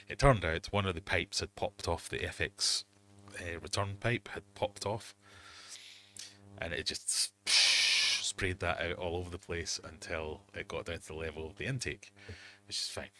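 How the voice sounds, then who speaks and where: A man's voice: deep voice, normal speed, bright, forceful tone, slight background noise. A middle-aged man hosting a casual livestream from his home fish room, telling rambling, self-mocking stories. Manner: rambling, self-mocking storytelling with quoted asides. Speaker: livestream host.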